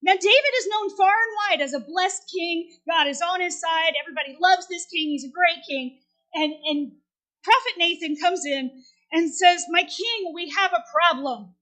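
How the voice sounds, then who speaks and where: A woman in her forties preaches with a very high voice. She tells the story in a chatty way and asks the congregation questions. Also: moderate pace, a bit bright. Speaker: minister. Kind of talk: sermon.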